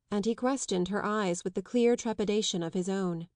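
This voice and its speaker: A woman narrating a classic novel as an audiobook, reading steadily and clearly. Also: mid-range voice, normal speed, few pauses, darkish tone, dry recording, studio quality. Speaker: audiobook reader. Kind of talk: scripted literary narration.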